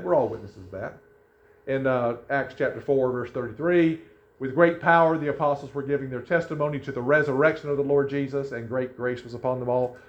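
A man preaching a sermon in a conversational way, often restarting his sentences. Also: mid-range voice. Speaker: pastor. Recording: echoey room, dull lo-fi sound.

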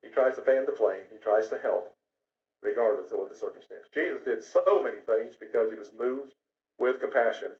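A man preaching a sermon, swinging from loud raised phrases to hushed asides. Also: mid-range voice, a little fast. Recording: echoey, dull lo-fi sound.

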